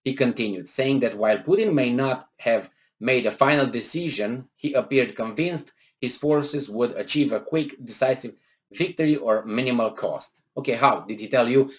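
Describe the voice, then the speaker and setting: A man commenting on a news article, arguing with rhetorical questions and sarcastic asides, with frequent hesitations and pitch that jumps on emphatic words. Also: animated, moderate pace. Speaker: political commentator.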